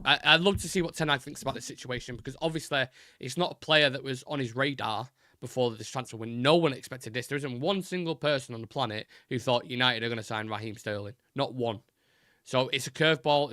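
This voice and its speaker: A man's voice: medium pitch, sharp tone, dry recording, clean studio sound. A young man hosting a live fan show, chatting loosely with fillers and restarts, his voice fraying a little. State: voice keeps going. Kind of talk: casual live-stream chat.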